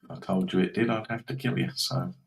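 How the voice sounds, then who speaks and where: Chatty man with a low voice. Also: fairly even intonation, quick pace, low-quality recording. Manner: rambling, chatty, reacts to scores and chat. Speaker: host of a live betting stream. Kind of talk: casual live-stream chat.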